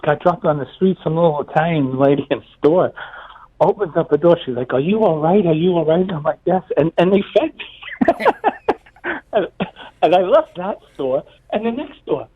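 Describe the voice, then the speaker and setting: A man's voice: a little high, lively intonation, moderate pace, husky, phone-quality sound. An older retired police officer from New City, phoning in to tell stories in a chatty way, repeating words as he goes. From New York City. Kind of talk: phone-in storytelling.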